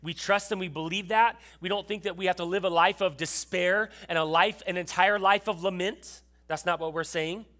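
Bright-voiced man preaching conversationally. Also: high voice, steady tone, moderate pace, hardly any pauses. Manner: conversational preaching with frequent restarts and asides to the congregation. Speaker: pastor. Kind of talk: sermon.

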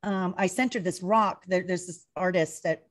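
A woman's voice: lowish voice, normal speed. A woman, a retired wrestler, chatting in an interview, telling stories with acted-out quotes and lots of "like" and "you know". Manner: chatty, animated storytelling full of acted-out quotes; heavy use of "like" and "you know". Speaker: retired pro wrestler guest. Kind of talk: casual interview chat.

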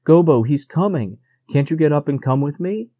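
A man's voice: fairly high pitch, lively intonation, moderate pace, mellow, no echo, clean studio sound. A man voicing a timid, devoted young female deer in a storybook reading, with a pleading, trembling manner. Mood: urgent whisper.

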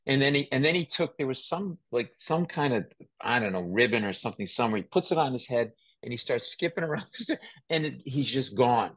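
A man hosting a casual podcast chat, his voice pitched in the middle range. He tells stories with animated energy, laughing often. The sound is dry and close. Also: fairly quick, no echo. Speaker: podcast host.

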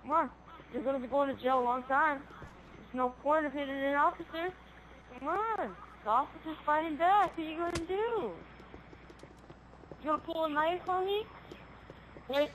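A woman's voice: high voice, normal speed, pauses often, slight background noise, poor audio. A woman playing a swearing, threatening police officer in an improvised game role-play. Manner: bossy, swearing, threatening, shouty.

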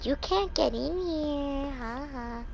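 A woman commentating her horror game playthrough, excitable and jumpy, screaming when startled and talking to herself and the game. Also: high voice, slow, vocal fry, a little hiss or hum, rough recording. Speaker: gaming channel host. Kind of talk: let's play commentary.

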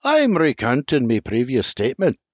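A man's voice: mid-range voice, huge pitch swings, moderate pace, dry recording. An older man reading an audiobook voices a pompous father with a lofty, lecturing manner. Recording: dry, slightly muffled recording.

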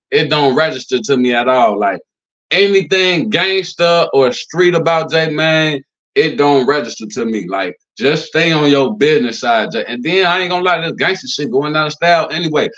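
A man in the middle of a loose, profane commentary rant, leaning on fillers like "you know" and "like" as he goes. His voice sits in an ordinary male pitch, and the recording comes through a little dull and lo-fi. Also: a bit bright. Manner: acts out quotes in a higher voice. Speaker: commentary channel host.

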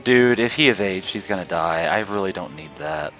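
Guy doing let's play commentary, voice jumps all over, cussing and laughing, quiet game music behind. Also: low voice, moderate pace. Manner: excitable, laughs at his own jokes; swears casually, trash-talks enemies. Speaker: gamer.

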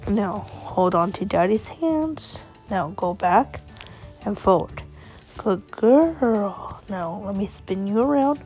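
A woman voicing a gentle but firm young father who coaxes and scolds his little daughter. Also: mid-range voice, expressive, slow pace, lo-fi sound, faint music behind. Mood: tender. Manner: coaxing, scolding when needed.

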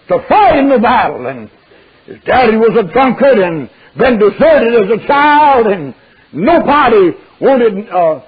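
An older man preaching a fiery sermon, drawling through stories and breaking into shouts. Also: very high voice, breathy edge. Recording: dull lo-fi recording.

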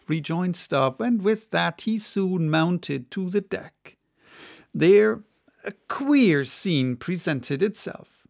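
A man narrating an unabridged classic novel as an audiobook, reading in a measured, expressive way. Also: fairly high pitch, creaky.

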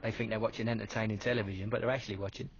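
An actor playing a small, cheeky male gecko mascot with a British accent in a TV commercial, explaining things briskly and breezily. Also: fairly low pitch, steady tone, natural voice. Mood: breezy. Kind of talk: TV commercial acting. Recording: dull lo-fi TV audio with faint hiss.

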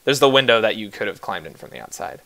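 A man's voice: lowish voice, lively intonation, fast talker, gravelly, pushed and bright. A man narrating a tabletop game as game master, casual and joking, often restarting his sentences.

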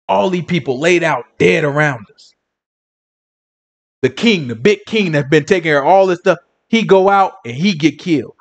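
A man's voice: high-pitched, animated, moderate pace. A male preacher telling a Bible story in a casual, dramatic, conversational sermon.

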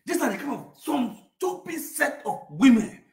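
A man with a Nigerian accent telling a comic rant, animated, mixing Pidgin and local languages and bursting into shouts. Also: very high-pitched, moderate pace. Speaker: comedic storyteller. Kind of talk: comic rant sharing gossip. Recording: roomy echo.

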